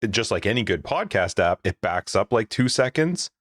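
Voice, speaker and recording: A man's voice: lowish voice, very animated, normal speed, a bit bright, no echo, studio quality. A man co-hosting a gaming podcast in casual chat, joking and laughing often. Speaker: podcast co-host.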